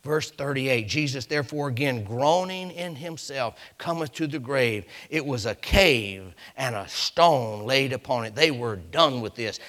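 A man preaching a sermon, reading scripture in old King James wording and swinging from hushed whispers to shouted climaxes. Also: mid-range voice, lively intonation, unhurried.

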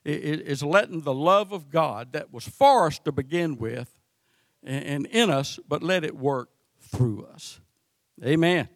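A man's voice: fairly high pitch, animated, no room sound, studio quality. A man preaching a sermon, stumbling and repeating words as he goes. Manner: halting, repeats words often. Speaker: pastor.

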